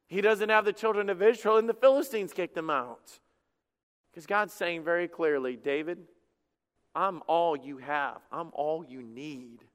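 A man preaching a sermon as pastor, impassioned, swinging from loud outbursts to hushed lines. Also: fairly high pitch, smooth. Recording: long hall reverb.

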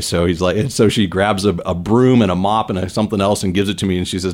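A man's voice: sits low, steady tone, fast, hardly any pauses. A man in his forties, a business leader from San Diego, telling stories in an earnest, rambling way with lots of fillers. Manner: earnest, rambling with many "you know" fillers. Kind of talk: conversational interview storytelling.

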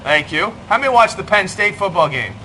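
A man's voice: high-pitched, expressive, fairly quick, sharp tone, a little hiss or hum. A middle-aged man preaching in a church, joking and self-deprecating as he talks to the congregation. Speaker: pastor. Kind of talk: sermon. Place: church hall.

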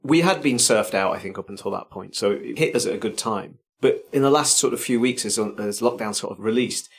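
Low-voiced chatty podcast co-host. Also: male voice, fairly quick. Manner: chatty, storytelling with self-mocking humour. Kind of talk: casual chat.

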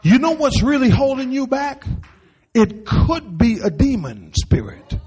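A male pastor preaching in a high, husky voice that leaps all over the place. He speaks in a folksy way, calling out to the congregation and acting out the voices of the people he quotes. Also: unhurried. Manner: animated preaching with folksy asides and call-and-response. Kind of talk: sermon.

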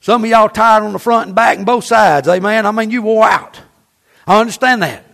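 High-pitched older preacher. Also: male voice, gravelly, a bit bright. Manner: preaching with call-and-response, drawn-out emphatic delivery. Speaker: pastor. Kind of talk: sermon.

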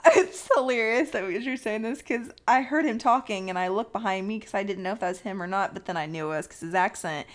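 A woman telling a story in a casual chat, excitable, laughing and acting out what people said. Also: medium pitch, fairly quick, few pauses. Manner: excitable, laughing, acts out quotes.

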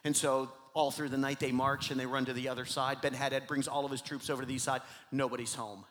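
A man's voice: medium pitch, little pitch movement, fast talker, hardly any pauses, a bit bright, in a large hall. A man preaching a sermon, retelling Bible stories with acted dialogue and calling out to the congregation for responses. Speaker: pastor.

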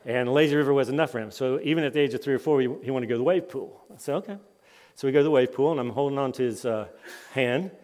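A man in his fifties giving a conference sermon, telling personal stories with lively rises and drops in his voice. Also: mid-range voice, very fast. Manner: lively storytelling, voice rising and dropping with the tale. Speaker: conference speaker. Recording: long hall reverb.

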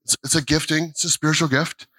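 Bright-voiced American pastor preaching. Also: male voice, a little high, fast talker, breathy edge, low-quality recording. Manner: animated storytelling with repeated phrases and quoted dialogue; stammering restarts, emphatic. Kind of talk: sermon. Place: church sanctuary.

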